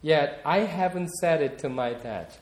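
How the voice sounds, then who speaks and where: A man's voice: on the high side, a little slow, roomy sound. A man preaching a sermon, talking in a reflective, personal way and often repeating words as he searches for them. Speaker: pastor.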